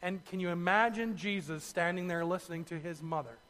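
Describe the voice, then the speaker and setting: A man preaching a sermon, telling the story in a lively way with asides to his listeners. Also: high-pitched, fairly quick, long reverb tail. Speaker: pastor.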